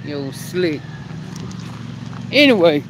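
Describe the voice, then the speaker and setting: Drawing out her words in a deep voice, a female vlogger chats easily with her viewers while filming herself at home and then on the porch. She's lively and talkative, speaking directly to the camera, with background noise audible.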